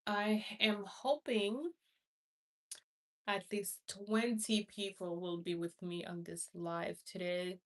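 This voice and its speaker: A woman's voice: medium pitch, little pitch movement, slow pace, far from the mic. A woman from Haiti, a hospice nurse, hosting a casual live stream who rambles, repeats herself and greets viewers by name. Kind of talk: casual livestream chat.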